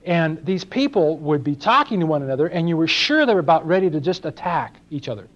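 A man's voice: on the high side, very animated, fast, fairly bright tone. Older man preaching, lo-fi recording. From Los Angeles. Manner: conversational, asks the congregation questions, acts out little dialogues. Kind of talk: sermon. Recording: dull lo-fi sermon recording.

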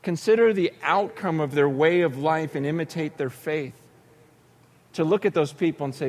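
A man preaching a sermon, telling stories with acted-out voices and sudden shouts. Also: on the high side, normal speed. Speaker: pastor.

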